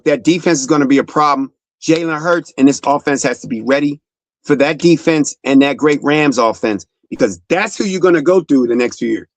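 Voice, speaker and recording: A man's voice: fairly high pitch, no echo. A young man hosting a sports talk show, delivering a fired-up, profane monologue that speaks straight to the player.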